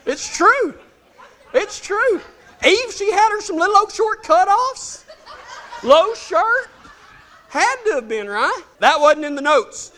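Man, middle-aged, preacher, joking storyteller, very high voice. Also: a little slow, a little hiss or hum. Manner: folksy, joking, animated storyteller. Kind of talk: storytelling sermon to a live congregation.

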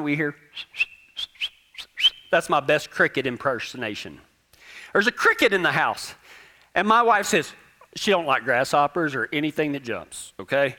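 A man with a fairly high voice spins a humorous personal anecdote. His delivery is animated and self-deprecating, with a folksy storyteller's ease. His tone rings bright and forward.

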